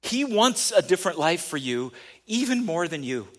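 A man's voice: sits high, very animated, normal speed, fairly bright tone. Man preaching a conversational sermon. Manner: conversational preaching, rising to emphatic peaks. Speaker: pastor.

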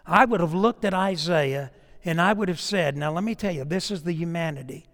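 A middle-aged pastor delivers a sermon from the pulpit in a high, fairly bright voice at a brisk pace. He shifts between telling stories, in which he acts out the dialogue, and speaking straight to the congregation, while a long reverberation carries through the sanctuary.

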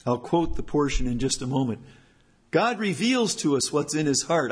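Husky-voiced man preaching a sermon. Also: a little high, animated, normal speed. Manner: earnest, emphatic repetition. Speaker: elder preaching.

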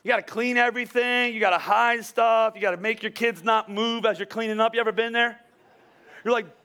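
A man's voice: extremely high pitch, fairly even intonation, a little fast, pushed and bright, clean tone. A pastor giving a casual, conversational sermon, joking, laughing often and repeating words as he talks.

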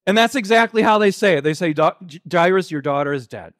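A pastor with a high, light male voice preaches a sermon. He tells the story earnestly, stumbling and restarting often, and slows down and softens when he quotes. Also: animated.

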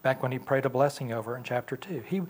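A man's voice: medium pitch, fast talker, slightly rough. A man teaching a Sunday school class in a church classroom, talking conversationally and asking the class questions.

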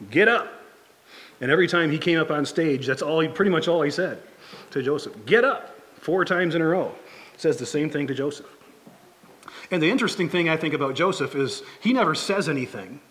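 A pastor with a medium-pitched voice preaches a sermon conversationally, halting often with restarts and filler words.

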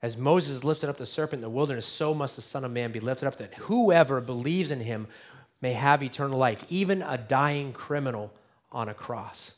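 A man preaching an Easter sermon as pastor, earnest and direct, dropping to a hush and then rising to emphatic appeals. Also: medium pitch, moderate pace. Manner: earnest, dynamic swings between hushed and emphatic. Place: church sanctuary.

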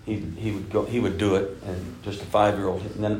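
A low-voiced man in his fifties preaches to his congregation, moving from forceful emphasis to near-whispered storytelling. His sermon rings through an echoey church hall. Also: animated, a little fast, hardly any pauses. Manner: storytelling preacher, swinging from loud emphasis to soft, hushed delivery. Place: church sanctuary.

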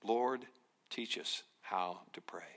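A man preaching a sermon, slow and emphatic, repeating phrases and dropping to near-whispers for tender lines. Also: lowish voice, fairly bright tone. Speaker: pastor.

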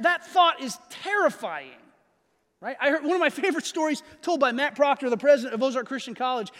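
A man's voice: very high-pitched, a bit bright, long reverb tail. A man preaching a sermon to his congregation in a conversational way, often checking in with "right?". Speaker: pastor.

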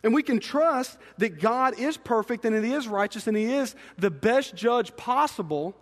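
A man delivers a sermon in a high, lifted voice. He swings from quiet, confiding asides to loud, emphatic peaks. His voice carries a long reverb through a large hall. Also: animated, moderate pace. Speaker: pastor.

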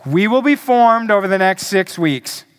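A male pastor preaching a sermon, emphatic and deliberate, asking the congregation questions. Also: high voice, animated, clear, resonant tone.

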